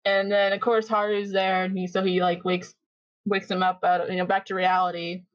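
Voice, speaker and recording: A woman's voice: medium pitch, little pitch movement, moderate pace, lo-fi sound. A young woman co-hosting a podcast, chatting casually as she recaps an anime and acts out the characters' lines, laughing often. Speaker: podcast co-host.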